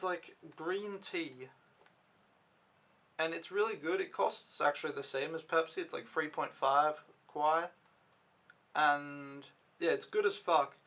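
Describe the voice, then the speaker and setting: A man's voice: a little high, sharp tone. A young man from Denmark, working as an au pair, rambling through a casual vlog recap with lots of fillers and swearing. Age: young adult. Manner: rambling, swears freely, filler-heavy storytelling. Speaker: au pair vlogger.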